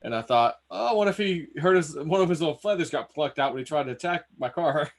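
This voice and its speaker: A relaxed man in casual chat who tells a story at an easy pace and chuckles along. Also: fairly high pitch, brisk. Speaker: co-host.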